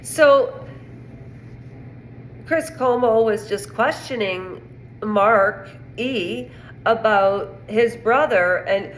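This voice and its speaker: A woman's voice: on the high side, very slow, pauses often. A woman from Canada giving a rambling, indignant casual opinion monologue on pop culture. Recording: echoey room with faint noise.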